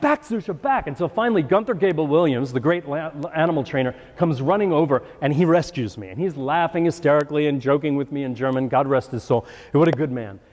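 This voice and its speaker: Brief: New York priest-teacher, lively storyteller with high bursts, slightly high voice, hall echo. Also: male voice. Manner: animated storyteller, acts out scenes with sudden high-pitched bursts. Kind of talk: storytelling lecture. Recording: hall reverb.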